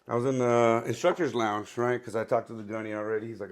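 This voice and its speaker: Talking fast with hardly any pauses, a thirtysomething podcast guest, a former Marine who now cuts hair, spins casual stories in a gravelly mid-range voice. He's slangy and profane and laughs often.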